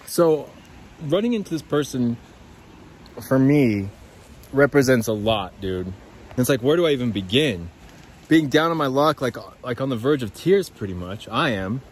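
A man's voice: mid-range voice, animated, moderate pace, slight background noise. A man rambling and swearing through a podcast monologue as he walks outdoors by a creek. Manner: rambling, profane, talks to listeners as guys. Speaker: podcast host. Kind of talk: rambling walk-and-talk monologue.

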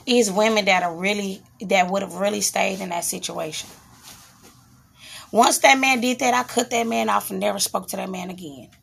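A woman's voice: medium pitch, normal speed, vocal fry, fairly bright tone, husky. A woman vlogger telling a personal story in a candid, rambling, profane way, breaking off now and then to scold her child. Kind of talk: casual storytime monologue.

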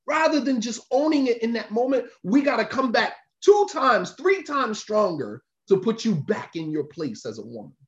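A man's voice: very high-pitched, sing-song, moderate pace, few pauses. A man giving an informal sermon, repeating his points emphatically in a conversational way. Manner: repetitive, emphatic, conversational preaching. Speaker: religious teacher. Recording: roomy, dull lo-fi recording.

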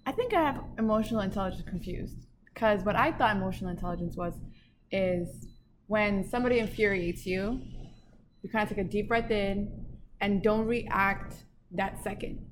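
A woman's voice: medium pitch, moderate pace, noisy background. Reflective woman thinking aloud. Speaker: assistant. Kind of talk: casual discussion.

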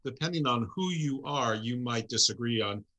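A man co-hosting a casual wrestling podcast, wry and joking, with animated asides. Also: medium pitch, moderate pace. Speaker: podcast co-host.

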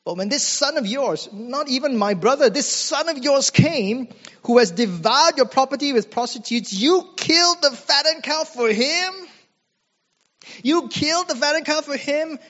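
A man's voice: very high-pitched, measured pace, pushed and bright, voice pushed up, exaggerated voice. A man preaching puts on the voice of a resentful young elder son, airing a bitter, indignant rant. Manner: bitter, ranting complaint. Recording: dull recording with long hall reverb.

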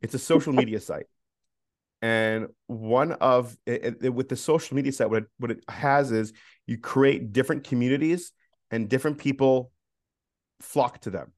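A man's voice: medium pitch, moderate pace, a little mellow, dry recording, clean studio sound. A man co-hosting a casual podcast chat, rambling and teasing with many restarts. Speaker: podcast co-host.

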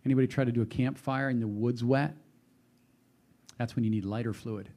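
A man preaching a sermon in a mellow, warm voice. He quotes scripture and keeps checking in with the congregation, slowing down to lean on key phrases. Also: medium pitch. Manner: preaching to a live congregation, quoting scripture, asking the audience questions.

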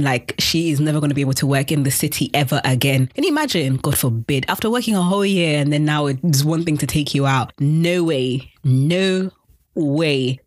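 A vlogger recapping a TV episode in a casual, expressive way, often repeating lines for emphasis and laughing. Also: mid-range voice, no room sound, studio quality.

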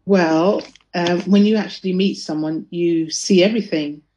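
A woman's voice: on the low side, normal speed, mellow. A woman answering hesitantly in a casual discussion on a video call, stalling with many ums. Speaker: guest. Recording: muffled lo-fi video call audio.

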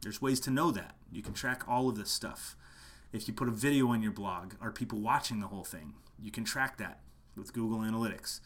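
Recorded at home late at night, this casual marketing lesson comes from a musician who teaches online marketing. He speaks briskly with hardly any pauses, his lowish voice carrying a bright, forceful edge. He's emphatic and passionate, hammering every point by saying it again.

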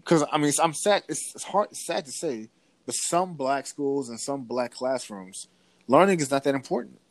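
A man co-hosting a casual podcast, telling stories in a lively way with frequent restarts. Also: medium pitch, normal speed, no room sound. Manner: animated storytelling with frequent restarts. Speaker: podcast co-host. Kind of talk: casual conversation.

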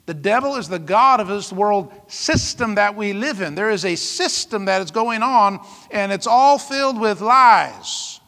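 High, bright-voiced preaching pastor. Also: male voice, lively intonation, unhurried, big-room sound. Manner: emphatic, rhetorical questions, dramatic exclamations. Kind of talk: sermon.

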